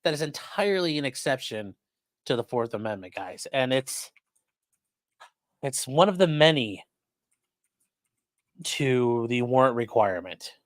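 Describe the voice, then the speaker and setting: A man's voice: mid-range voice, sing-song, a little slow, pauses often, no room sound. A man casually commenting on court cases for a livestream chat, sarcastic and blunt, with the odd curse. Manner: sarcastic, talks straight to chat, swears. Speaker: streamer discussing court cases.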